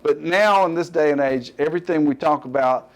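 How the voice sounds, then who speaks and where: A middle-aged Southern man hosts a fitness show in loose, unscripted talk. His voice sits a little high for a man. He rambles, cuts himself off and drops joking asides. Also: fairly quick. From US Gulf Coast.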